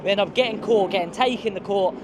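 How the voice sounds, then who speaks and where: Chatty young man, high voice. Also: quick pace, noisy background. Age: 20s. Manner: rambling, chatty, slangy. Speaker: vlogger. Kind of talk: casual storytelling to camera. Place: outdoors on a city street.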